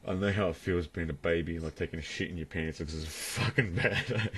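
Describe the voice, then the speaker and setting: A man's voice: low voice, brisk, a bit bright. A young man telling a crude story to his camera at home, rambling and laughing often as he talks. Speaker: vlogger. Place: room at home, indoors.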